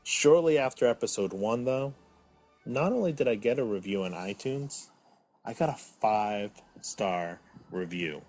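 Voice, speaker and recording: A man's voice: fairly low pitch, expressive, a little slow, a little mellow, soft background music. A man in his thirties hosting a comedic solo podcast, talking with mock drama that swings from mopey to indignant. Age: 30s. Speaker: podcast host.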